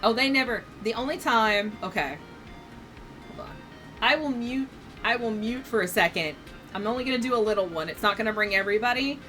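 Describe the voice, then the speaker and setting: A woman live-streams a game from her room, talking casually to her audience in a bright, sharp-toned voice. She rambles, stumbles over fillers and pokes fun at herself. Faint game music plays underneath. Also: a little high, brisk. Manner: rambling, chatty, self-deprecating, with many fillers. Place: home room, seated on her bed. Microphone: streaming microphone.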